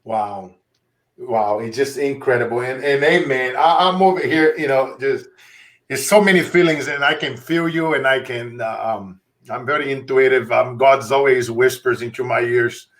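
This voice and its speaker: A man's voice: medium pitch, moderate pace, a bit bright. A man with a Brazilian accent hosting a live-streamed interview, preaching and rallying his audience. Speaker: interview host, motivational speaker.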